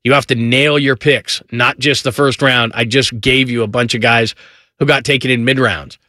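A middle-aged man hosting a sports talk show, giving energetic casual commentary and rattling off lists of player names. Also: medium pitch, moderate pace, dry recording, clean studio sound.

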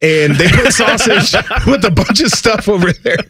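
A man's voice: high voice, expressive, moderate pace, pushed and bright, husky, dry recording, clean studio sound. A man co-hosting a radio show, telling a story in casual banter and sounding incredulous about food.

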